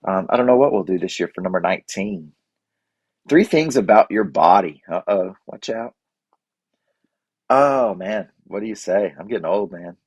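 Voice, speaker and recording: A man's voice: low-pitched, normal speed, a little mellow, breathy edge, no echo, highs cut off. A man, hosting his show and talking casually in a rambling, self-deprecating, folksy way. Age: 40s. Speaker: podcast host. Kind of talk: casual reflective monologue.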